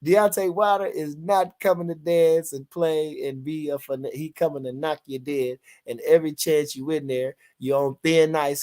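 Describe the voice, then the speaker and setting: A man's voice: on the high side, darkish tone. An older man, hosting a casual live boxing stream in a rambling way, full of fillers, reading out chat comments. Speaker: podcast host.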